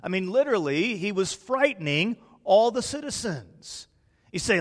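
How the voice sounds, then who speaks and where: A pastor preaching a sermon in a dramatic way, swinging from loud declarations to hushed, quiet lines. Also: male voice, high voice, expressive, normal speed. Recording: long reverb in a large hall.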